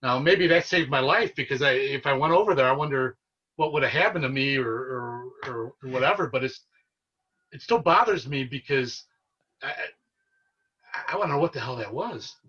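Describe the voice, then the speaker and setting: Husky, bright-voiced man telling ghost stories. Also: mid-range voice, normal speed, far from the mic, lo-fi sound. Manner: earnest, excitable storyteller who relives events. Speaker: paranormal investigator guest. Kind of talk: casual storytelling interview.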